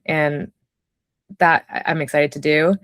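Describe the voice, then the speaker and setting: Low-voiced reflective woman, dry sound. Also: flat delivery, measured pace, fairly bright tone, clean tone, no echo. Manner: reflective, storytelling with many fillers. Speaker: podcast guest, writer. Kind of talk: casual conversation.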